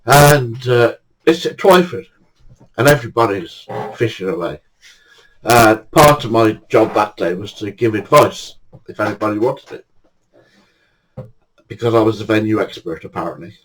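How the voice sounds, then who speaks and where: Older man, lively storyteller. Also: on the low side, moderate pace, long pauses, poor audio. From England. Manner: chatty, laughs often while telling stories. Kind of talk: casual anecdote telling.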